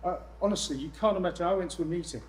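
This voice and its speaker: A man presenting to a room of landlords, lively and jokey with exasperated asides. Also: sits high, racing, rough recording. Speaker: letting agent speaking at a landlord event. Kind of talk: live seminar presentation.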